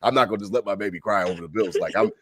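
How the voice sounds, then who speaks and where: Fast-talking animated man, low voice. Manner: animated storyteller, swears, acts out arguments. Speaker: podcast co-host. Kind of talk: casual sports chat.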